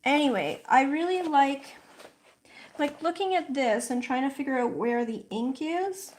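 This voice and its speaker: A woman's voice: sits high, animated. A woman hosting a casual livestream, chatting and telling stories with lots of "like" fillers. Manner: chatty, frequent "like" fillers, storytelling; slow, thoughtful explaining. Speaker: livestream host.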